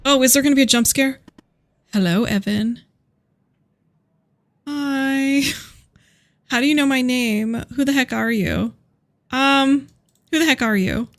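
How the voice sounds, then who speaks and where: A woman streaming a mystery game, jumpy and excitable, easily spooked as she plays. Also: high-pitched, unhurried, no room sound, studio quality. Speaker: gaming streamer. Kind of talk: let's play commentary.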